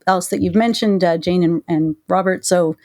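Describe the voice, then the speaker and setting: A woman's voice: on the low side, normal speed, a little mellow, dry recording. A woman hosting a podcast, chatting casually and enthusiastically with lots of fillers. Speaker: podcast host. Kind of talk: casual chat.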